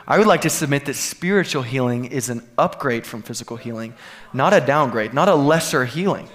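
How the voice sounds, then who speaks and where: A man's voice: mid-range voice, lively intonation, fairly quick, a bit bright. A man preaching a sermon to a congregation, earnest and building to emphatic peaks. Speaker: pastor. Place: church sanctuary.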